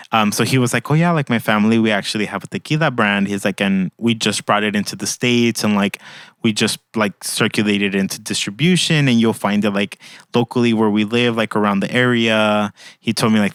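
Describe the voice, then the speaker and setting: Young guy podcasting, super chatty, smooth clear voice, dry close mic. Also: fairly low pitch, dry recording. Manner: chatty, heavy use of "like", quotes others in animated voices. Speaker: podcast host. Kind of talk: casual storytelling monologue.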